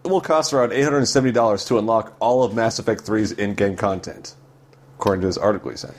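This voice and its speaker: A man's voice: fairly low pitch, fast talker, slight background noise. A man co-hosting a casual podcast, reading listener emails aloud and breaking into laughter. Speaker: podcast co-host.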